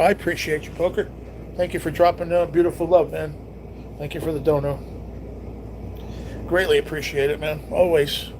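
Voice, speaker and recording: Gravelly laid-back man chatting on stream. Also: on the high side, steady tone, quick pace, a little mellow, a little hiss or hum. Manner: laid-back, swears freely, teases viewers. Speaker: live-stream host reading viewer chat. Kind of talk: casual live-stream chat.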